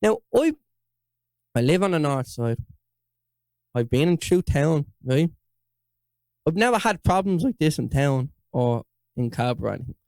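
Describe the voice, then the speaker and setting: A man's voice: a little high, very animated, measured pace, long pauses, darkish tone, dry recording. A young man with a Dublin Irish accent, co-hosting a podcast, telling a story in casual chat, swearing a lot and acting out the people in it. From Ireland. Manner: swears often, acts out voices in his story. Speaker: podcast co-host.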